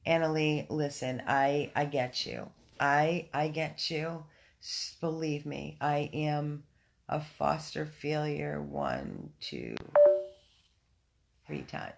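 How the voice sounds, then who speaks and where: Speaking slowly in a low, gravelly tone, with a little noise in the background, a woman runs a casual phone livestream from home. She volunteers in dog rescue, and she reads out viewer comments and chats warmly, stumbling through ums and restarts.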